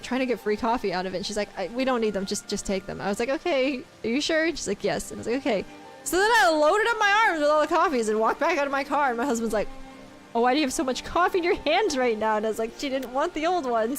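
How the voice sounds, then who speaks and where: High-voiced giggly woman streamer. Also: a bit bright. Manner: chatty, giggly, reads chat aloud. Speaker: game streamer. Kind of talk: casual livestream chat.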